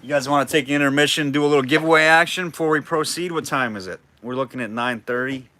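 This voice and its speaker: A man calls a live auction and chats easily with his viewers. His voice is bright and forward at a middle pitch. He jokes with them between bids. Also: fast. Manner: chatty, jokey, reads out bids and names viewers. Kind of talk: live online auction calling.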